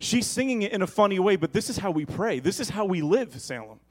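High-voiced man preaching playfully. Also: big pitch swings, fairly quick, poor audio. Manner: playful, conversational preaching with asides to the congregation. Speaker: pastor. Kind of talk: sermon.

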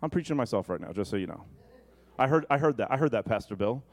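A man preaching a sermon, animated and conversational, often asking the congregation questions. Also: mid-range voice, fast.

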